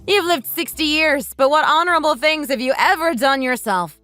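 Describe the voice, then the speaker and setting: A woman's voice: sits high, normal speed, bright, forceful tone, no echo, soft background music. A woman voicing a defiant young daughter-in-law in a texting story, firing back sarcastic, cutting comebacks.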